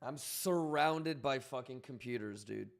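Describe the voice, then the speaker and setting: A man's voice: medium pitch, measured pace, gravelly. A man streaming live, talking loosely and profanely as he reads chat messages aloud and rambles. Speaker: crypto trading livestreamer.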